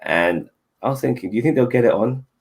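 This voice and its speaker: A man casually chatting as a podcast co-host, animated and swearing freely with slang. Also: medium pitch, a little fast, creaky, breathy edge. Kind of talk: casual chat.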